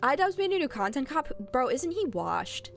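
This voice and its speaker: High, lively-voiced woman streamer. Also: moderate pace, vocal fry, faint music behind. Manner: animated, chatty, laughs often, blunt. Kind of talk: casual chat with viewers.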